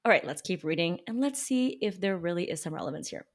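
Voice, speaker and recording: Emphatic lower-voiced woman PR coach. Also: expressive, fast, hardly any pauses. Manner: emphatic, with big pitch jumps when reacting. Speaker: small business PR coach and podcast host. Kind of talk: casual critique read to camera.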